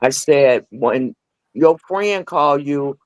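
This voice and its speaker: A middle-aged woman telling candid personal stories as a podcast guest. She acts out the dialogue in her stories with lively voices. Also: very deep voice, takes it slowly, dry recording. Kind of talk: candid storytelling chat.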